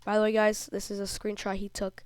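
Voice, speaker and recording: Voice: medium pitch, completely flat delivery, a little fast, clear, resonant tone, no echo. A young kid, not yet through puberty, telling a rambling, indignant story in a casual vlog while a little sick. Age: child, before puberty. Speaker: video creator. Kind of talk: casual vlog commentary over screenshots.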